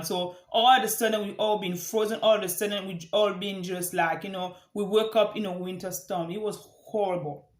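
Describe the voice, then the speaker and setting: A woman's voice: medium pitch, steady tone, moderate pace. A woman from Africa, giving an earnest motivational talk as a life coach and repeating phrases for emphasis. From Central Africa. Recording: echoey room.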